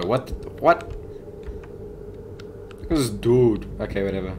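A man's voice: medium pitch, animated, takes it slowly, long pauses, a little mellow, a little hiss or hum. Jittery young man narrating a horror game. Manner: jittery, talks to the game, yelps in panic. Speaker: gaming YouTuber.

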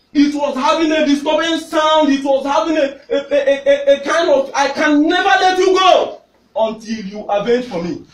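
A high-voiced Nigerian preacher delivers a fervent sermon that climbs into shouts and circles back on his own phrases. He sounds far from the microphone, and the big hall echoes around him. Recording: echoey, distant hall recording.

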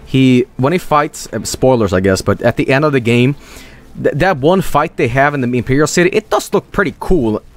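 A man streaming a video game, rambling and swearing in casual commentary with sudden high-pitched outbursts. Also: expressive, moderate pace.

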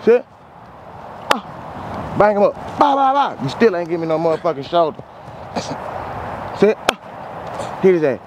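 A man works running backs through drills outside, coaching bluntly with plenty of cursing and shouted sound effects. His voice sits a little high for a man. Traffic rumbles clearly behind him. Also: animated, takes it slowly, long pauses. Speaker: football trainer. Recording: outdoor traffic noise.

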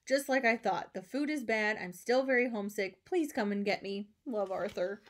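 A woman's voice: mid-range voice, normal speed, natural voice. A woman reading a storybook aloud, voicing a stubborn, homesick young boy who pleads in letters home. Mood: pleading.

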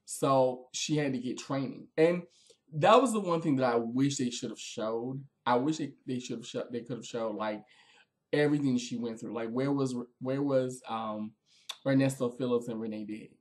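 A man chatting through a casual spoken review of a TV movie, expressive and chatty, with frequent fillers. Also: medium pitch, moderate pace.

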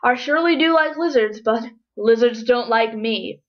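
Woman as grumbling old lazy snake, slow drawl, storybook, lo-fi. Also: fairly high pitch, natural voice. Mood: groaning. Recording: dull lo-fi recording.

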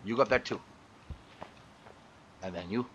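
A man's voice: fairly low pitch, moderate pace, muffled recording, a little hiss or hum. A man giving gameplay commentary, frustrated and swearing as he talks to objects in the game. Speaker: gaming YouTuber.

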